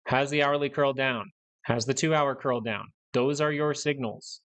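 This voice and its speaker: A man's voice: medium pitch, normal speed, fairly bright tone. Young guy ranting on a live stocks stream, blunt, says stuff over and over. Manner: blunt, ranting, repeats himself for emphasis. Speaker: stock market livestream host. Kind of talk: live market commentary.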